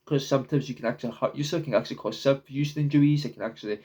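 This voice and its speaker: A man's voice: medium pitch, dark tone. A young man talking casually to camera in his own vlog, rambling, often stopping and restarting his words. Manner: halting, repeats and restarts words. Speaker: vlogger.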